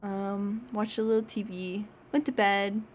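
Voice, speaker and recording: A woman's voice: mid-range voice, fairly even intonation, unhurried, a little hiss or hum. A young woman streaming, chatting casually and rambling with frequent laughs. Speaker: VTuber streamer.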